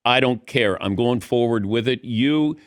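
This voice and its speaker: A man's voice: mid-range voice, measured pace. A man hosting a radio show, talking to his guest in an insistent, teasing way. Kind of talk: casual radio interview chat.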